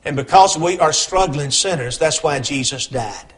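A man preaching a sermon, swinging between hushed, low lines and loud, emphatic questions. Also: normal speed, a crowd in the background.

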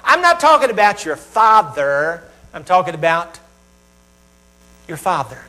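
A man's voice: sits high, big pitch swings, measured pace, sharp tone, low-quality recording. A middle-aged man preaching a sermon, talking straight to his congregation with emphatic, repetitive phrases that swell in volume.

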